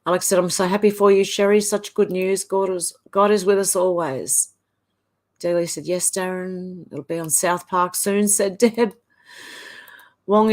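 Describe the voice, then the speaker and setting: An Australian woman hosting a livestream, reading viewers' comments aloud one after another and adding short offhand remarks. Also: lowish voice. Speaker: livestream host. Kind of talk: casual livestream chat reading.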